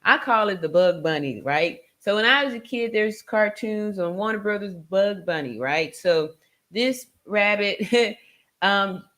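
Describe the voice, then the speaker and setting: A woman's voice: mid-range voice, animated, measured pace, fairly bright tone. A middle-aged woman talking casually to her audience, chatty, laughing often and tagging her points with rhetorical questions. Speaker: commentator. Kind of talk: casual monologue.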